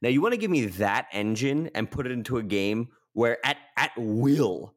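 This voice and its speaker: An excitable man co-hosting a casual gaming podcast. His pitch swings widely as he gets worked up, and he keeps breaking into little acted-out scenes. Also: normal speed.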